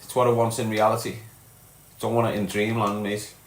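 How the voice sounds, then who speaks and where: A man's voice: on the low side, little pitch movement, brisk. A Scouse man from Liverpool, middle-aged, reading his chat live and answering viewers bluntly, calling everyone lad and mate.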